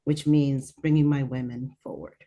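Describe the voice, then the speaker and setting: A woman's voice: extremely low pitch, steady tone, normal speed, warm tone. Earnest Cuban woman. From Cuba. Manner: earnest, mixes in Spanish phrases. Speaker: panelist, coach for women. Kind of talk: speaking on a panel.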